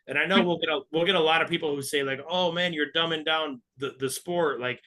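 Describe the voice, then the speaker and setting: Heated, bright-voiced podcast man. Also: a little high, a little fast. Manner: blunt, heated, profane. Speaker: podcast co-host. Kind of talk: casual podcast chat.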